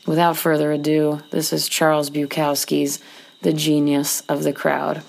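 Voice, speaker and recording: A woman's voice: sits low, monotone, unhurried, creaky, a little mellow. A woman losing her voice talks casually into a phone outdoors, rambling a little, then reads a poem aloud. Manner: rambling, self-deprecating, unscripted. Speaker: podcast host reading poetry. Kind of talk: casual chat, then poetry reading.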